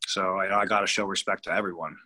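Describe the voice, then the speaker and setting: A man in his thirties from California, telling a personal story as a guest in a casual interview, animated, blunt and profane, often repeating himself. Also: low-pitched, fast. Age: 30s.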